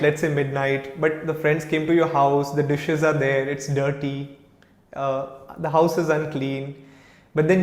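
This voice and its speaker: A man's voice: on the high side, darkish tone. A man in his thirties with an Indian accent, a monk giving an informal spiritual talk, telling stories and acting out quoted lines with many "you know" fillers. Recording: echoey room with a long reverb.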